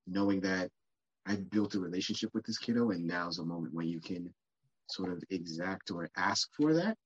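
Deep, husky-voiced man hosting a podcast. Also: animated, normal speed. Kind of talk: casual conversation. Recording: muffled podcast audio.

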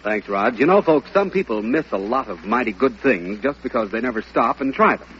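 A man's voice: mid-range voice, lively intonation, fairly quick, fairly bright tone, lo-fi sound, slight background noise. A man reading a folksy, friendly sponsor commercial on an old radio broadcast. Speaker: sponsor announcer.

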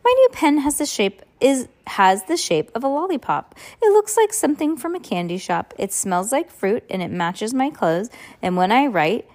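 A woman reading a storybook aloud, voicing a proud little girl reciting a rhyme in a high, sing-song way. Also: big pitch swings, moderate pace, darkish tone.

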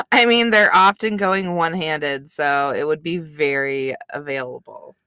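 A woman's voice: sits low, slow pace, pushed and bright, smooth, no echo, studio quality. A woman co-hosting a podcast, giggly and blunt, swearing freely in casual chat about a reality show. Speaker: podcast co-host.

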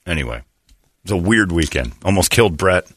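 A man's voice: low voice, animated, a little fast, a bit bright, dry recording, clean studio sound. A man hosting a casual talk show, telling crude jokey stories with lots of animation. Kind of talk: crude comedic banter.

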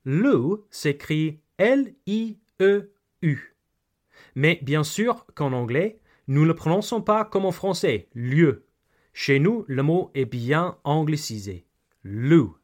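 Slow, lively male teacher. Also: fairly high pitch. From United Kingdom. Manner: slow, clear, repeats key phrases, addresses "dear listeners". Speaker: English teacher, podcast host. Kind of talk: podcast language lesson.

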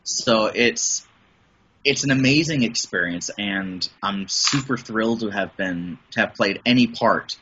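A middle-aged Midwestern voice and audio producer chats casually as a podcast guest, rambling enthusiastically and often restarting his sentences. His fairly low voice is a little slow and sharp in tone, on lo-fi audio with some hiss or hum.

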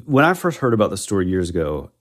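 A man's voice: deep voice, sing-song, fast talker. A man co-hosting a podcast in casual chat, rambling and correcting himself as he tells a ghost legend. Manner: rambling, self-correcting storyteller. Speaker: podcast co-host.

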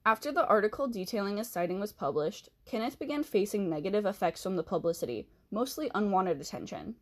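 A woman hosting a podcast tells a history story in a relaxed, conversational way. She slips in chatty asides and corrects herself as she goes. Her voice sits at an ordinary middle pitch for a woman. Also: fast talker. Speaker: podcast host. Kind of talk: casual podcast narration of history. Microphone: handheld mic she has to hold still.

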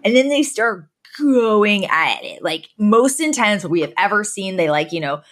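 A woman's voice: medium pitch, expressive, a little slow. A woman co-hosting a podcast, chatting casually with lots of fillers as she recaps a sitcom episode. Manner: chatty, lots of fillers, acts out quoted lines. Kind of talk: casual chat.

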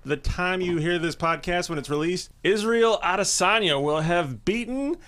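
A man chats on a podcast, loose and easygoing, quick to laugh at his co-hosts. His voice runs a little high for a man. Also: fairly bright tone. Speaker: podcast co-host. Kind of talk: casual podcast chat.

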